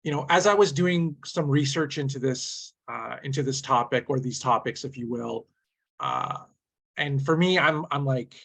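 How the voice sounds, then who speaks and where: A man's voice: medium pitch, normal speed, gravelly, a bit bright. A man hosting a webcast conversation, posing long rambling questions to his guests. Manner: rambling, many fillers and restarts. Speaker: host.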